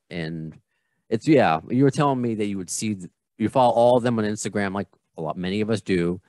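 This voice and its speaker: Low-voiced chatty man in his thirties. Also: a little mellow, dry recording. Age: 30s. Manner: rambling, chatty, self-correcting. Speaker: podcast host. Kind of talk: casual chat.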